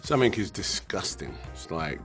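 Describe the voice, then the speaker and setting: A man with a British accent casually explaining slang to camera, relaxed and chuckling, with drawn-out explanations. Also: deep voice, soft background music. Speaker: slang explainer in a video clip.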